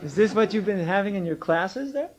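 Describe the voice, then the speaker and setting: Man, high voice, lecturing a class, teasing, argumentative, emphatic, old cassette tape. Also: lively intonation, a little fast, poor audio. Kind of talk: lecture with questions from students.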